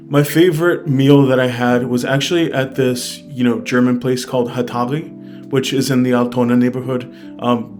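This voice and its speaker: A man's voice: mid-range voice, a little mellow. A young man from the United States chatting casually in a travel vlog, candid and upbeat, full of fillers. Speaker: travel vlogger.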